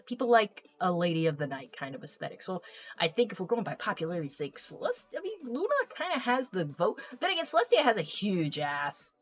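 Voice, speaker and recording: Excitable, swearing young woman streamer. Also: lowish voice, brisk. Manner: rambling, profane and excitable. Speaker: live streamer. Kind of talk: casual live-stream chat, reading viewer comments.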